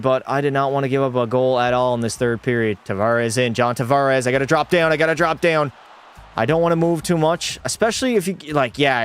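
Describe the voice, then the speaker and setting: A young man streaming a hockey video game, commenting live and talking to his chat while ranting in frustration and swearing at the game. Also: on the high side. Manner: talks to chat.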